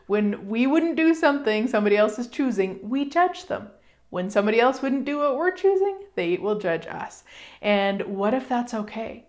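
A middle-aged woman hosting a casual self-help talk, chatty and animated, with fillers and emphatic asides. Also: a little high. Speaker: podcast host.

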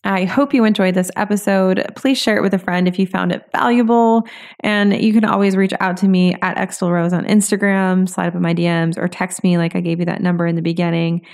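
A woman's voice: fairly low pitch, fairly even intonation, fairly quick, a little mellow. A woman hosting a solo podcast as a coach, talking in a loose, encouraging way with lots of "you know" and "like".

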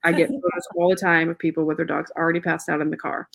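A woman's voice: sits low, flat delivery, fast, creaky, husky. A woman guest, a pet photographer, chatting casually in an interview, laughing often and trailing off mid-sentence.

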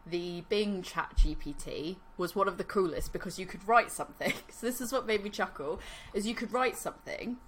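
A woman's voice: mid-range voice, normal speed, hardly any pauses, fairly bright tone, slight background noise. A woman co-hosting a podcast, chatting casually with many fillers and frequent giggles. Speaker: podcast co-host. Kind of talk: casual chat.

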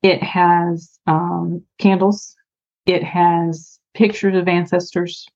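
A woman author being interviewed, talking in a soft, reflective way with frequent pauses and ums. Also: on the low side, level tone, dull audio. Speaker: author and podcast guest. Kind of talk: casual interview chat.

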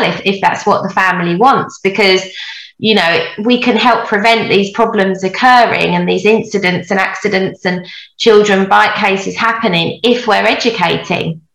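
A woman's voice: medium pitch, a bit bright, roomy sound, low-quality recording. A woman dog trainer speaking earnestly and with enthusiasm in a casual panel chat.

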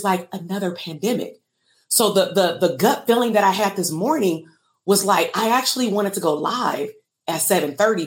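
A woman, a therapist and business coach, talking candidly and emotionally to viewers on a livestream and asking them to comment. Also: fairly low pitch. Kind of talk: casual livestream talk to viewers.

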